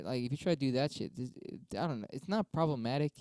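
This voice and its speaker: A young man on a stream argues both sides of debate prompts with himself in a rambling, profane solo monologue. His medium-pitched, darkish voice comes fast with hardly any pauses and no room sound.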